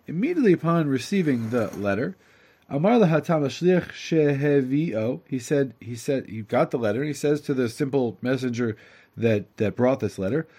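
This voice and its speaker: A man teaching a lesson in an animated, chatty way, reading a story aloud, translating it and breaking into asides. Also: mid-range voice, husky.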